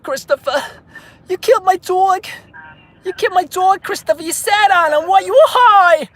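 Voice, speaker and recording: A man impersonating a whiny, upset young woman, a mobster's girlfriend, in a shrill falsetto. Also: normal speed, fairly bright tone. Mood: whining accusation. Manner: whiny, accusing.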